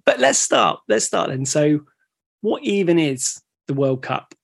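Upbeat man with vocal fry. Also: fairly high pitch, sing-song, measured pace. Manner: upbeat, laughs often, agreeable. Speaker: podcast co-host. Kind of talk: casual chat.

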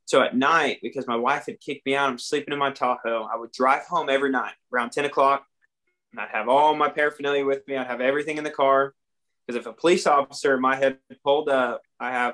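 A man's voice: medium pitch, fairly even intonation, brisk, fairly bright tone. A young man with a drawl, a podcast guest candidly telling his own story in plain, earnest speech and acting out the lines he once said. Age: young adult. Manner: earnest, plain-spoken, acts out his own past dialogue. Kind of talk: candid storytelling about addiction recovery.

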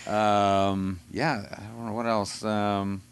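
A man's voice: on the low side, slow pace, clean tone. A man hosting a podcast, chatting casually and enthusiastically. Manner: enthusiastic, lively delivery. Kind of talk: casual chat.

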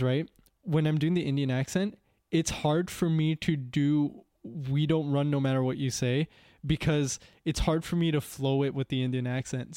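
A man's voice: on the high side, warm tone, no room sound, studio quality. A young man chatting casually as a podcast co-host, rambling with frequent restarts and laughter. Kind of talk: casual chat.

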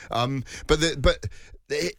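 A man's voice: a little high, takes it slowly, gravelly, a bit bright, dry recording, clean studio sound. A man hosting a casual sports chat, telling rambling anecdotes with many fillers and restarts. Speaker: boxing podcast host.

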